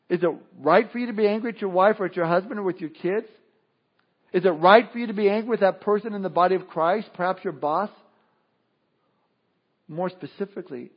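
A male pastor giving an animated sermon, reading scripture aloud and acting out the voices he quotes. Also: sits high, slightly rough. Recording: dull lo-fi sermon recording.

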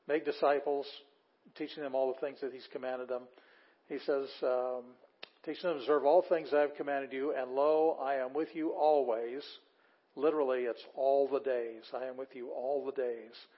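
A man teaching a Greek class, reading Bible verses aloud and explaining them word by word in a casual, enthusiastic way. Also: mid-range voice. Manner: casual with fillers, enthusiastic asides. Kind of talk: classroom lecture. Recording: slightly dull lo-fi audio.

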